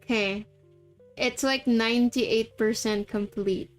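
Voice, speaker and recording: A giggly young woman from the Philippines talks in an unhurried, slightly high voice as she streams a game. Her tone is smooth and clear, and she laughs and swears casually. Faint music plays behind her. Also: steady tone. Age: young adult. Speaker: VTuber streamer. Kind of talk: casual live-stream chat while gaming.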